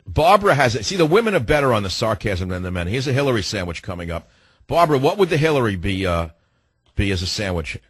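A man's voice: on the low side, very animated, fast, slightly rough, no room sound. A man hosting a talk radio show, sarcastic and wisecracking, from New York. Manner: sardonic, wisecracking.

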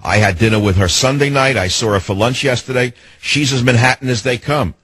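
A man's voice: medium pitch, a bit bright, husky, no echo, poor audio. An older man with a New York accent hosting a talk radio show, brash and digressive. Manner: brash, rapid-fire, digressive.

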